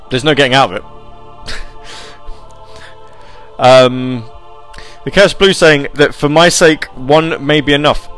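A man hosting a casual live radio show, rambling and animated as he reads chat messages and tells stories. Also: medium pitch.

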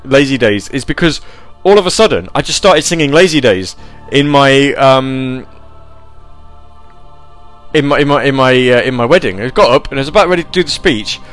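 A man hosting a casual live radio show, rambling and animated as he reads chat messages and tells stories. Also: mid-range voice, normal speed, faint music behind.

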